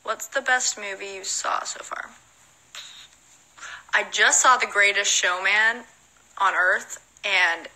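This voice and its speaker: Bright, giggly Southern young woman. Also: medium pitch, rough recording. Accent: Southern American. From Southern United States. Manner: chatty, giggly, reads questions aloud then answers. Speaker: model and musician answering fan questions. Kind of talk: casual livestream Q&A. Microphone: phone.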